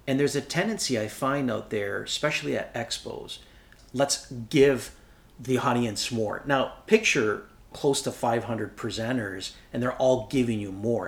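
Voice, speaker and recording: A man's voice: gravelly, a bit bright. Passionate male inspirational speaker. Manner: passionate, builds to emphatic high peaks. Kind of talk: enthusiastic motivational talk.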